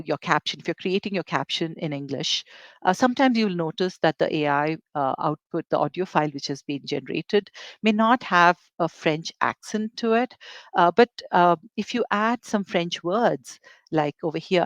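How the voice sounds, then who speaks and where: An eLearning presenter giving a software demo webinar, talking in a hesitant way with many fillers and restarts. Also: mid-range voice, no room sound.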